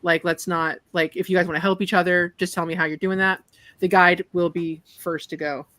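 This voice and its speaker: A woman's voice: lowish voice, level tone, a little fast, a bit bright, no echo. A woman running a tabletop game as game master, narrating scenes vividly and laughing with her players over a call. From Ireland.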